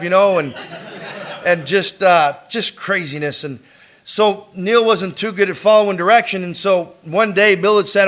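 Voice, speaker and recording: A man speaking at a recovery meeting, telling a streetwise story full of slang and swearing and acting out what people said. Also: high-pitched. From United States. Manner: animated, acts out quotes with laughter. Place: meeting room before an audience.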